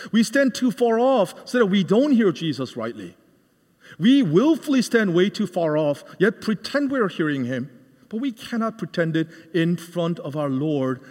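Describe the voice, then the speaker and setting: Man preaching, animated, high voice, cordless mic, long hall echo. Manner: animated, asks the congregation questions. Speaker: guest preacher. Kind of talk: sermon. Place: church hall. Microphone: cordless microphone. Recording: reverberant hall.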